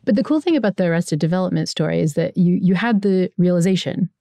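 Woman, podcast host, low gravelly voice, mellow tone, relaxed and thoughtful, casual phrasing. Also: fast, no echo, studio quality. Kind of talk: conversational interview.

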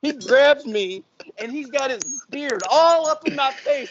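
A man in his forties, a podcast co-host, telling a profane story with lots of swearing and loud sound effects. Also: extremely high pitch, expressive, measured pace, muffled recording, a loud crowd. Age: 40s.

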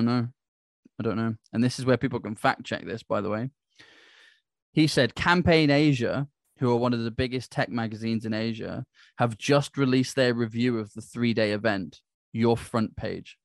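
A man telling a business story in a casual, animated way, acting out the dialogue. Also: medium pitch, dry recording, studio quality. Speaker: business speaker. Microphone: handheld microphone.

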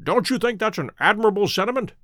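A man voicing a keen, self-assured detective who speaks crisply and precisely, in a dry close recording. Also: high-pitched, lively intonation, quick pace, a bit bright, no echo, pitched above the performer's own voice. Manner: crisp, precise and pleased with himself.

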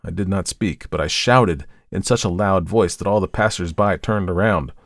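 A man giving a dramatic first-person story reading, intense, swinging between hushed dread and anguished outbursts. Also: deep voice, normal speed, no room sound, clean studio sound. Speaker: story reader.

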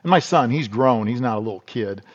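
A man's voice: mid-range voice, animated, brisk, breathy edge, muffled recording. A middle-aged man from South Dakota, a podcast guest telling rambling, folksy stories in a casual interview. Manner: rambling, folksy, restarts and repeats words.

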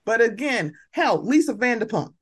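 A woman's voice: a little high, big pitch swings, normal speed, husky. A woman hosting a podcast, giving blunt, slangy commentary in casual chat and often acting out quoted reactions. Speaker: podcast host.

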